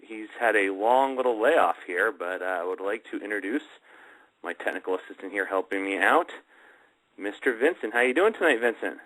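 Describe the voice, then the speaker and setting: A male radio host chatting loosely about ghost hunts, his low voice bright and forward. He rambles along with frequent fillers. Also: expressive, moderate pace, low-quality recording. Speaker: host of a paranormal talk show. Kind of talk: casual radio show talk.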